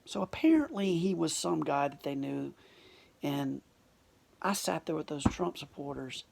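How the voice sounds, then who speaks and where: Very gravelly husky man telling a story. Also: fairly high pitch, expressive, unhurried, darkish tone. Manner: earnest, often dropping to a whisper; restarts and repeated words. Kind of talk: personal storytelling monologue.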